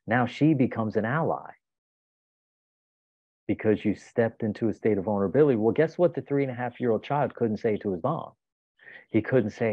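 A man's voice: medium pitch, normal speed, long pauses, husky, no room sound. Emphatic man on a tinny line. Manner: emphatic, storytelling with acted-out quotes. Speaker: guest. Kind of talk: motivational self-help talk. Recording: tinny phone-like dry sound.

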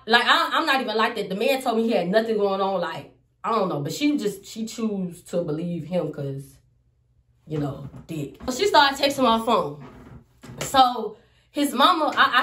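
A young adult woman, a comedian, telling a personal story in a casual vlog. She is animated and profane and swings between loud outbursts and low asides. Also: distant mic. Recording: echoey room, voice off from the mic.

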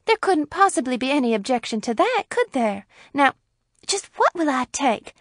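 A woman's voice: high voice, sing-song, moderate pace, fairly bright tone, dry recording, studio quality, pitched above the performer's own voice, exaggerated voice. A woman reading the part of a timid sheriff's wife in a story, speaking hesitantly and in a shrinking way. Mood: eager.

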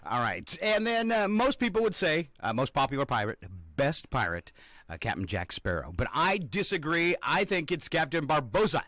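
A man's voice: on the high side, animated, moderate pace, sharp tone. A man hosting a morning radio show, rambling with lots of fillers and now and then slipping into a growled pirate voice. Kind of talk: casual radio talk. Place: radio studio. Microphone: studio microphone.

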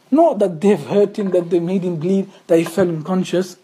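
A man's voice: high voice, moderate pace, hardly any pauses, dark tone, slightly rough. A man teaching a religious lesson, telling the story in an earnest way and pressing his points with emphatic rhetorical questions. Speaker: Islamic studies teacher.

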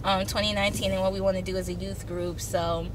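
A woman's voice: medium pitch, little pitch movement, quick pace, slight background noise. A young woman vlogging casually to her camera from her parked car, chatty and heartfelt with many ums and likes. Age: young adult. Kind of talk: casual vlog talk to camera. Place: parked car in a parking deck.

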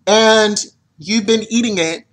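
A man's voice: high-pitched, slow pace, a bit bright. A young man venting to camera in an exasperated, profane rant, complaining as a vlogger. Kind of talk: ranting to camera.

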